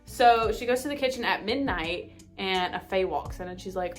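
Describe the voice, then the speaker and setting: A bubbly young woman in her twenties chats about books, her voice lively and quick when she gets worked up. She gushes and piles on fillers in a casual, chatty way, with faint music playing underneath. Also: mid-range voice. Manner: bubbly, gushing, full of fillers; speeds up when excited. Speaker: book vlogger. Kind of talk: casual chat.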